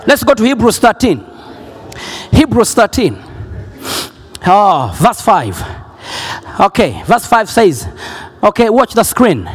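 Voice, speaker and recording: Male preacher, unusually high voice, slow and emphatic, builds to shouted declarations. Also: huge pitch swings, breathy edge, big-room sound. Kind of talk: sermon.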